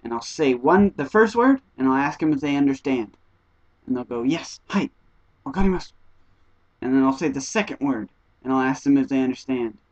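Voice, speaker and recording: A young man telling stories in a casual vlog, animated and jumping into high squeaky voices whenever he quotes someone. His speaking voice sits at an ordinary middle pitch. The sound is a little dull and lo-fi, like an old webcam mic. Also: brisk, no echo. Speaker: exchange student vlogger.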